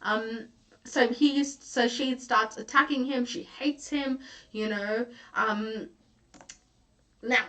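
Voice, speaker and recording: Young woman, tutor, online lecture, chatty, fillers and restarts, slightly high voice. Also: fairly even intonation, slow, pauses often, sharp tone, far from the mic. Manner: chatty, with many fillers and self-corrections.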